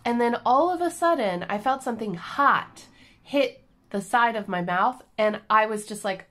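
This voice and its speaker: A woman vlogger telling a personal story in a casual, animated, self-deprecating way with lots of fillers. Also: mid-range voice, measured pace. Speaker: crafting vlogger.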